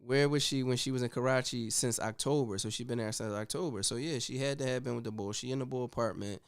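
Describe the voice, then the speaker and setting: A man hosting a casual commentary show, talking in an animated, slangy way with frequent "you know what I'm saying.". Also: mid-range voice, fast, clean tone, soft background music. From United States. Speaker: host.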